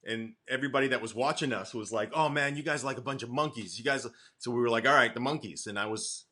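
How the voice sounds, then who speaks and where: A middle-aged male comedian from the Boston area, telling animated stories in casual chat and acting out quotes. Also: medium pitch, quick pace. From Boston area, USA. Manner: animated anecdotes, acts out quotes, laughs often. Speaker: comedian guest.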